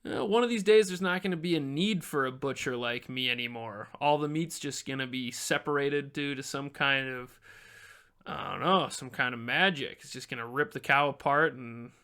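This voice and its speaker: A man's voice: mid-range voice, moderate pace, pushed and bright, clean tone. A man narrating as game master of a tabletop game in a loose, filler-heavy way, voicing the townsfolk himself.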